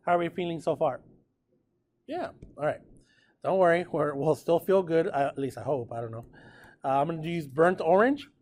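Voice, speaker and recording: A man teaching a precalculus class in a relaxed, chatty way, often checking in with his students. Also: a little high, normal speed. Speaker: math teacher. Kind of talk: classroom lecture recorded with notes.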